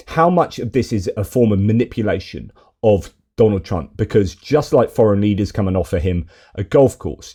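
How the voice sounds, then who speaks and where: A man's voice: fairly low pitch, mellow. A man giving exasperated, indignant political commentary while reacting to video clips.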